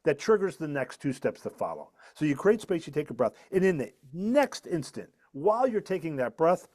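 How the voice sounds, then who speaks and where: Here a middle-aged man who writes and gives talks explains a method on a podcast, earnest and emphatic, restating his core points for emphasis. His voice sits a little high, has a sing-song lilt and a darkish tone, and moves at normal speed.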